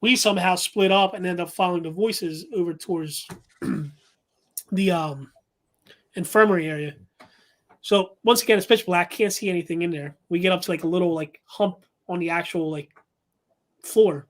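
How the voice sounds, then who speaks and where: A man's voice: sits high, moderate pace. A man telling a story as a guest paranormal investigator, talking casually with many fillers and restarts.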